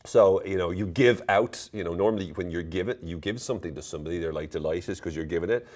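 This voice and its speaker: A man's voice: low voice, fast talker, darkish tone. An Irish man casually explaining his country's slang to camera, joking and laughing at himself as he goes. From Ireland. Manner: playful, jokey, laughs at himself.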